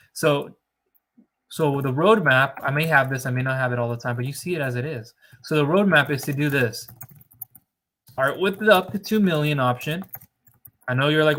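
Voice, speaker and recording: A man's voice: on the high side, fairly bright tone. A man giving emphatic, lecturing advice straight to camera on business funding, stretching words out for stress. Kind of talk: direct-to-camera advice monologue.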